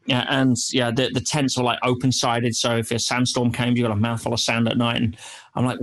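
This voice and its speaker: A man's voice: medium pitch, flat delivery, a little fast, a bit bright. A man speaking as an interview guest, telling stories animatedly and dropping in frequent "yeah"s and "you know"s. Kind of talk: interview storytelling.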